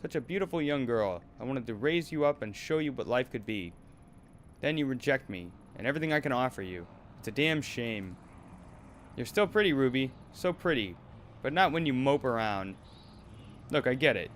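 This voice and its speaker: A man's voice: medium pitch, animated, normal speed, fairly bright tone, slight background noise, lightly acted. A man voicing an abusive, bullying male talent manager in a game, berating and menacing in turn. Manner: berating, menacing, then wheedling.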